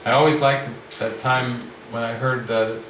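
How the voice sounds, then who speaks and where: A man leading a spiritual retreat discussion, speaking slowly and reflectively with frequent restarts. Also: medium pitch, fairly even intonation, a bit bright, a little hiss or hum. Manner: slow, reflective, many restarts. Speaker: spiritual teacher. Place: retreat room with a group. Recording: roomy sound from the mic's distance.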